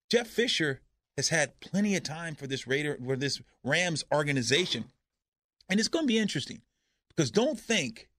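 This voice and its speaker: Brief: male radio co-host, slightly higher pitch, dry studio sound. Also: a bit bright, dry recording. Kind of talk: casual sports radio chat.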